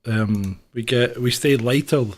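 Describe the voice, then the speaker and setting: A man's voice: mid-range voice, unhurried. A man from Scotland, co-hosting a casual news chat in an easygoing way and laughing often. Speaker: co-host.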